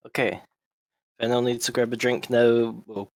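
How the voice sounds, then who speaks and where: A man's voice: medium pitch, little pitch movement, normal speed, no room sound. Dry-voiced man running a tabletop game. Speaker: game master. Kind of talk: casual tabletop game chat.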